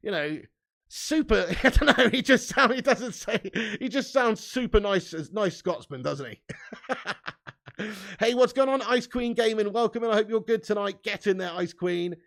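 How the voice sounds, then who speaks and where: This young fan channel host reads out comments from his live chat in a chatty, laddish manner, laughing often and swearing frequently. His voice is high, gravelly, and fairly bright, animated at a moderate pace.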